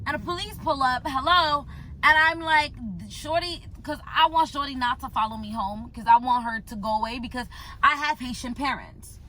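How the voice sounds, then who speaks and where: A young woman tells a storytime vlog, her voice high and bright. She talks in an animated, slangy way and repeats lines for emphasis. A faint hum sits behind her. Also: moderate pace, rough recording. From United States. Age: young adult. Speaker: vlogger.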